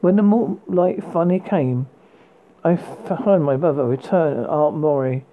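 A man's voice: a little high, normal speed, phone-quality sound, a little hiss or hum. A man reading a first-person memoir aloud, stumbling and restarting words often. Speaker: reader.

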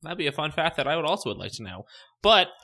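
A man's voice: fairly high pitch, very animated, quick pace, bright, forceful tone. A man co-hosting a casual comedy podcast, reading out articles and joking with friends. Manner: jokey, reads headlines aloud, puts on silly accents.

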